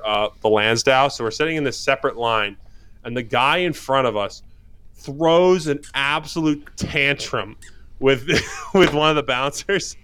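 Smooth-voiced young man telling a story. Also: medium pitch, a bit bright. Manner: loose rambling storytelling with laughs. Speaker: podcast co-host. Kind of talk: casual chat.

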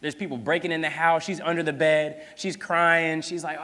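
A man's voice: on the high side, brisk, hardly any pauses. Man preaching in a reverberant hall. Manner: conversational, animated storytelling with many fillers. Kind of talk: sermon.

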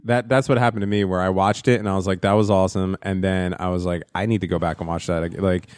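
A man's voice: deep voice, flat delivery, quick pace, a little mellow, clear, resonant tone, no room sound, clean studio sound. A man on a casual podcast, talking with profane enthusiasm about films. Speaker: podcast co-host. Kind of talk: casual chat.

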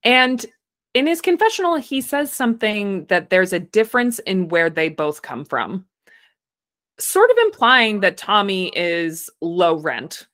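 A woman co-hosts a podcast, recapping a reality show from her notes in a chatty way. Her pitch swings widely around a mid-range voice, and she laughs often. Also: big pitch swings, unhurried, a bit bright. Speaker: podcast co-host.

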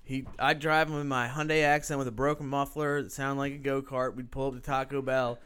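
A man's voice: mid-range voice, flat delivery, fairly quick, fairly bright tone, clear, resonant tone. A young man telling a rambling, earnest anecdote in a casual podcast chat. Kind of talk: casual storytelling.

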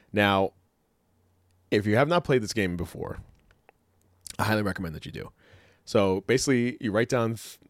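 A man co-hosting a podcast in casual chat, rambling and animated, laughing often and full of fillers. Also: on the low side, no echo, clean studio sound. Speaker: podcast co-host.

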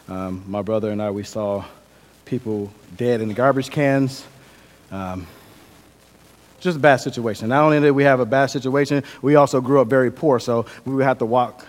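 A young man from the American Midwest giving a sermon, telling his life story with earnest energy that rises and drops. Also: medium pitch. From Milwaukee, Wisconsin. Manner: earnest storytelling, shifting from loud to quiet. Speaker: preacher. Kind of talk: sermon with personal testimony.

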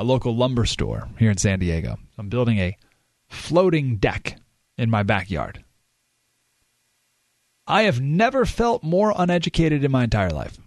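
A man's voice: mid-range voice, dry recording, studio quality. A man hosting a radio show, talking casually and rambling in a self-deprecating way, often laughing at himself. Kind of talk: casual talk radio monologue. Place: radio studio.

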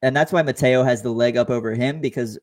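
A man co-hosting a casual sports talk show, speaking in a measured way with frequent stammered restarts. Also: medium pitch. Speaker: podcast co-host.

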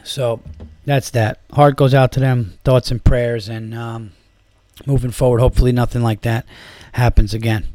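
A comedian hosting his own podcast, venting in a rambling, profanity-filled monologue full of fillers. His voice sits at an ordinary pitch for a man. The sound is close and dry. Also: flat delivery, moderate pace, dark tone, dry recording. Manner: rambling, heavy swearing, fillers. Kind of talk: profane solo podcast rant.

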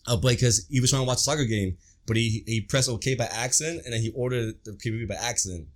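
Casual podcast chat from a young man who talks fast and tells his stories with lively slang and the odd curse. His voice sits at an ordinary middle pitch for a man. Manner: animated storytelling with slang and cursing. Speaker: podcast co-host.

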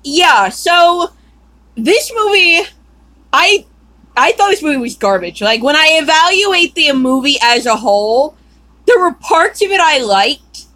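A woman's voice: high voice, big pitch swings, measured pace, sharp tone, rough recording. A woman co-hosting a movie review podcast, giving blunt, decisive opinions. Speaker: podcast co-host. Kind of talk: casual movie review chat.

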